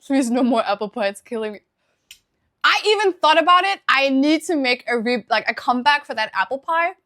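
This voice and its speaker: A young woman with a slightly higher voice talks casually to her stream audience. She is chatty and laughs easily, stopping now and then to thank viewers for their subscriptions. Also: animated, brisk, sharp tone. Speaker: live streamer.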